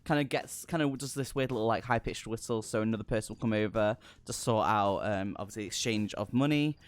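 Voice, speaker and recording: A man running a tabletop game as game master, narrating in a relaxed, rambling way. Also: lowish voice, fairly quick. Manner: relaxed, many fillers and restarts.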